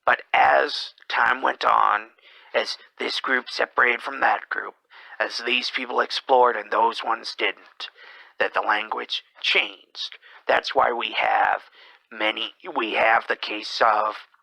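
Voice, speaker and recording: A man hosting a slow, brooding monologue, rambling and hesitant, who keeps dropping into whispers mid-sentence. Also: medium pitch, steady tone, gravelly, bright, forceful tone, no echo, rough recording. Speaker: podcast host.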